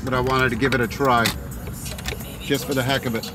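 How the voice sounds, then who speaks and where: Driving through the city on a casual live stream, a middle-aged man from the Boston area rambles chattily with plenty of fillers, his accent a blend of Boston and Tennessee. His medium-pitched voice is level and a little fast, over a noisy background inside the car.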